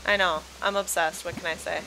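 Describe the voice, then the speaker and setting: Her lowish, gravelly voice moves briskly with fairly even intonation as she effusively exclaims her way through a game island tour. She's a bit sleepy, yawning, with background music and noise accompanying the casual gameplay talk.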